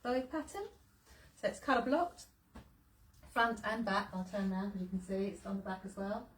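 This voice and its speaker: A woman's voice: medium pitch, normal speed. A woman from England hosting a casual sewing live stream from her sewing room, greeting viewers by name, chatting and laughing often.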